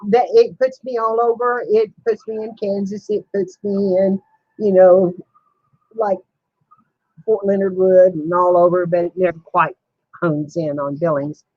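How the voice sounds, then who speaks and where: A woman's voice: mid-range voice, little pitch movement, measured pace, no echo, muffled recording. A woman hosting a casual live stream from her home computer, chatting with viewers and laughing helplessly. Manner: giggly, keeps laughing helplessly.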